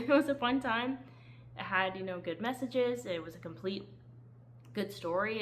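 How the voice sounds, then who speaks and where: A woman's voice: on the low side, a bit bright, a little hiss or hum, low-quality recording. A woman chatting casually as she reviews the books she read, often laughing and acting out lines with sudden lifts in her voice. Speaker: book reviewer. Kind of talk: casual book review chat.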